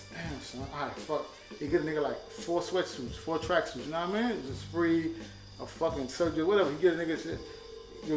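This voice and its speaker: A man telling stories in a casual conversation, animated and laughing as he acts out quotes. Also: a little high. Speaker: guest. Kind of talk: casual storytelling. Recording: echoey room with loud music.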